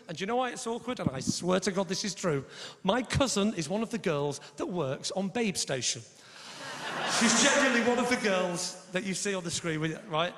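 A man's voice: sits high, lively intonation, a little fast, a bit bright. A male stand-up comedian on a club stage, telling a story to the audience in a brash, swearing, conversational way. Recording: live hall recording with reverb.

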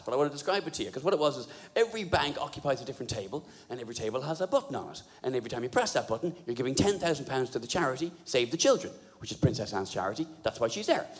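A man doing a stand-up comedy set, sweary and animated, laughing at his own jokes. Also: on the high side, rapid-fire, hardly any pauses. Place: live comedy venue. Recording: live venue, roomy hall echo, crowd noise.

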